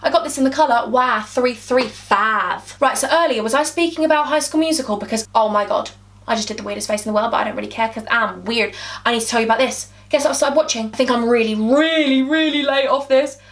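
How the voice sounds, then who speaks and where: A young English woman chats through a makeup tutorial in a high, bubbly voice. She rambles playfully and keeps calling her viewers huns. She sits slightly off the camera mic at home. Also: fast talker, fairly bright tone, far from the mic. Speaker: beauty vlogger.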